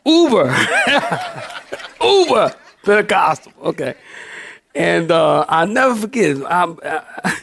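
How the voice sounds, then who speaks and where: A man's voice: high voice, sing-song, slow, gravelly, long pauses, fairly bright tone, a little hiss or hum. A man in his fifties, a pastor telling a funny story in a sermon, folksy and laughing often.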